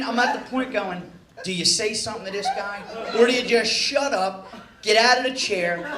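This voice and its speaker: High-voiced profane man doing stand-up. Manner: profane, exasperated storytelling. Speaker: stand-up comic. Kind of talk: stand-up comedy set. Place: nightclub stage. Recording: echoey club with loud crowd noise.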